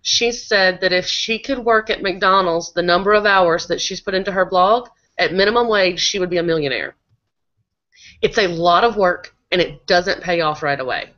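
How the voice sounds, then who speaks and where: A woman's voice: mid-range voice, a bit bright. A woman co-hosting a blogging webinar from her laptop, speaking in a casual, practical way with filler words. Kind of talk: casual live webinar chat. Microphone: laptop video call. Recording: dull lo-fi laptop call audio.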